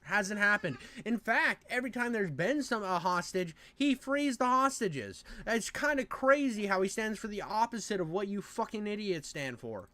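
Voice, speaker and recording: A man from the United States ranting as co-host on a commentary show, loud and profane, rambling with many restarts. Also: high-pitched, expressive, moderate pace, few pauses, no room sound.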